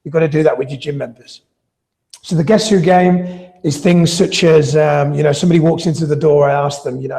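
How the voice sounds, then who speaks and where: A man's voice: a little high, fairly even intonation, a little fast, creaky, dark tone. A man teaching a live online class on gym sales, chatty and anecdotal, often restarting his sentences. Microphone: video call style mic.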